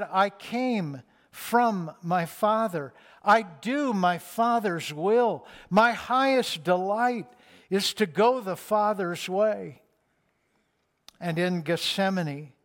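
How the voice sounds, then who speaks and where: A man preaching a sermon, reading scripture and then expounding it with slow, deliberate emphasis. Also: on the high side. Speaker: pastor.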